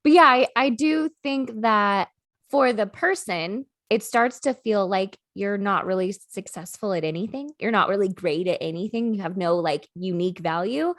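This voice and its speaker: A woman's voice: medium pitch, normal speed, fairly bright tone, no room sound, studio quality. A woman co-hosting a business podcast, speaking candidly and with self-deprecating humor. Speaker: podcast co-host, COO. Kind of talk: casual business chat.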